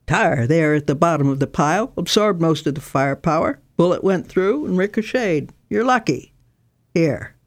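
A woman reading the lines of a taciturn older male pastor who speaks in short, gruff sentences. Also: low voice, lively intonation, moderate pace.

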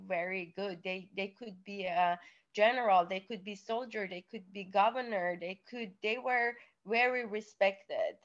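A woman from Iran with a Persian accent, a guest in an interview, talking earnestly in a rambling way. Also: mid-range voice. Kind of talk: casual interview talk. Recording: dull lo-fi audio.

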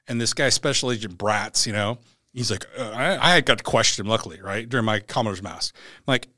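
A man's voice: lowish voice, quick pace, dry recording, clean studio sound. A man, a former Navy SEAL, telling war and court stories bluntly in a podcast conversation, acting out the other voices in quotes. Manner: blunt, animated, acts out dialogue in quotes. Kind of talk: candid conversational storytelling.

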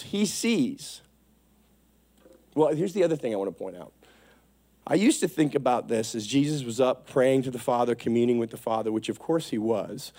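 A man preaching a sermon in a church, explaining a Bible passage with animated delivery and acted-out quotes. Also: on the high side.

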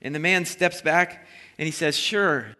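A man preaching a sermon, retelling a Bible story in a lively storytelling way and briefly acting out the voices of the crowd. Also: fairly high pitch, moderate pace. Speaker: pastor. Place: church sanctuary. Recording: long hall reverb.

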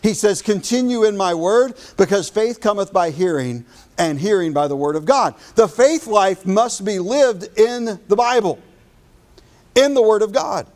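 A male pastor delivers a sermon in a high-pitched voice. He slows down to stress his key phrases. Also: expressive, a little mellow.

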